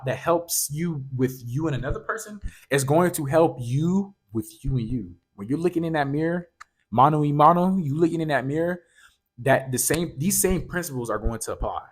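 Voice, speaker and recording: A man's voice: medium pitch, husky. A man hosting a motivational podcast, talking casually and earnestly to the listener, restarting sentences and filling with "like" and "right?". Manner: casual, repeats himself, fills with "like" and "right?"; earnest, coaching the listener directly. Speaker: podcast host.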